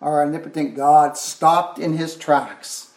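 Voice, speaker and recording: A man's voice: on the high side, steady tone, takes it slowly, darkish tone, roomy sound. A man preaching a sermon with fervor, repeating phrases and exclaiming "oh my" as he goes.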